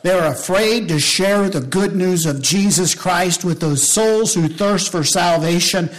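Preaching to his church in a voice that sits high and runs a little slow, a man swings between loud, impassioned appeals and hushed storytelling. He drops folksy asides to the congregation.

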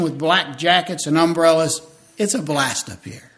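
A pastor in his fifties delivers an emotional sermon, with a voice that sits a little above the usual male pitch. He builds to loud, fervent stretches and then drops to quiet, tender asides. It sounds like personal storytelling from the pulpit. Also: normal speed. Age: 50s.

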